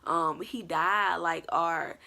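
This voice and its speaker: Woman vlogger, slightly low voice, casual and animated, acts out her story. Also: takes it slowly, creaky. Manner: animated, colloquial, acts out scenes. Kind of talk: storytime vlog.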